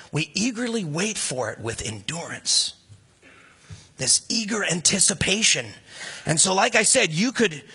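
Bright, husky-voiced preacher man. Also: sits high. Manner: conversational, animated preaching with rhetorical questions. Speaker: pastor. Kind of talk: sermon.

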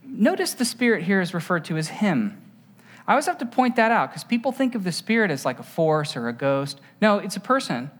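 Animated, chatty preacher with swinging pitch. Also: brisk. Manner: lively, asks the listeners rhetorical questions; tells stories with voiced sound effects. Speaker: pastor. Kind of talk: conversational sermon.

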